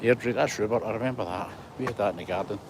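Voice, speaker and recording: Scottish guy in his 60s rambling on a walkabout vlog, lowish voice, outdoor noise all round. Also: very fast. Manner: chatty, rambling, self-deprecating. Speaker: vlogger. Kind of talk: casual walking tour vlog. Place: outdoor heritage museum grounds. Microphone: handheld phone on gimbal.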